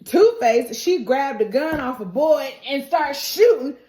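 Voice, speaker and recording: A woman gives a lively, laughing recap in a fairly high voice that swings up and down a lot. She acts out every line she retells. The sound is roomy and echoey. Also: unhurried, a little hiss or hum. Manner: animated, laughing, acts out quotes. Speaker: TV recap vlogger. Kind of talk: casual recap and reaction. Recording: roomy echo.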